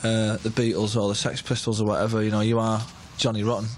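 A man's voice: fairly low pitch, flat delivery, fast, a little hiss or hum. A man casually reminiscing in an interview, chatty.

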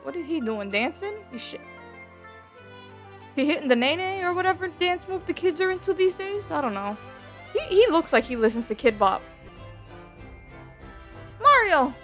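A woman's voice: very high-pitched, sing-song, normal speed, long pauses, a bit bright. A young woman streaming a game, joking and teasing the characters in casual commentary. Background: game music.

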